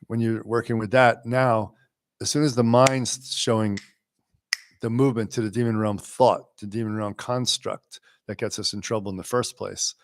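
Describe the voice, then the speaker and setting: A man teaching a live question-and-answer class, talking in a relaxed, wry way and sometimes slowing to a quiet, measured voice. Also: lowish voice, no echo, studio quality. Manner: unhurried, wry, sometimes drops to a quiet slow voice.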